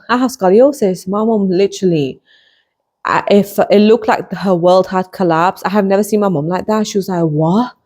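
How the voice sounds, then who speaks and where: A woman in her thirties hosting her own show, telling a personal story to camera in a chatty, animated way and laughing often. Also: mid-range voice. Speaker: podcast host and hypnotist.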